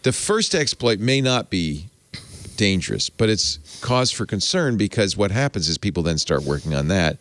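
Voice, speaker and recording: A man's voice: deep voice, very animated, normal speed, fairly bright tone. A man hosting a tech podcast, talking casually and rambling, often correcting himself and chuckling. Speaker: podcast host.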